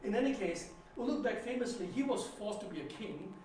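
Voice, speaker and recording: A man giving a church lecture with slides, telling stories and anecdotes in an animated way. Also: sits high, brisk. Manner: anecdotal, animated storytelling with asides. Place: church hall. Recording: echoey hall, distant mic, faint noise.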